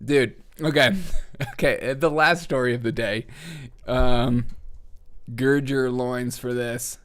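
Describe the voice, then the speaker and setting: A man's voice: mid-range voice, steady tone, takes it slowly, fairly bright tone, clear, resonant tone. A man hosting a comedy news live stream, talking sarcastically and laughing often. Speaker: host.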